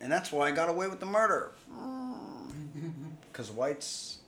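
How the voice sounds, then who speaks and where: A young man co-hosting a podcast, loud and crude in casual banter, in an echoey room. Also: a little high, very animated, slow pace. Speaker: podcast co-host.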